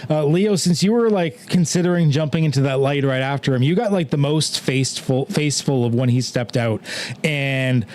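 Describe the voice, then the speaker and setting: A man running a tabletop game as game master, narrating in a relaxed, rambling way with many "like"s. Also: mid-range voice, moderate pace, faint music behind.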